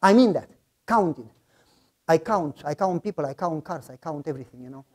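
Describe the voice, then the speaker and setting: A male pastor giving a testimony from the pulpit. He talks in a lively storytelling way, acts out the people in his stories, and speaks with loose, slightly broken grammar. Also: a little high, moderate pace.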